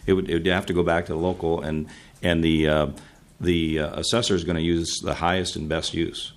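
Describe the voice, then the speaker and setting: Deep-voiced senator dictating an amendment. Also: male voice, level tone. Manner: halting, dictating amendment wording slowly. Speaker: state senator. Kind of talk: committee hearing testimony.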